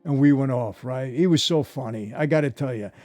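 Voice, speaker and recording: Older New man telling stories, mellow voice. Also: mid-range voice, fairly quick. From New York. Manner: animated, addresses listeners directly, repeats "I gotta tell you". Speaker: former mobster telling stories. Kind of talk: casual storytelling monologue.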